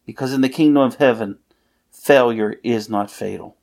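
A man's voice: medium pitch, moderate pace, gravelly, a little mellow. A man preaching a sermon, earnestly reading scripture aloud with emphasis.

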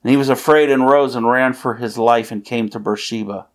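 A man's voice: medium pitch, fairly even intonation, a little fast. A man preaching a sermon, earnestly reading scripture aloud with emphasis.

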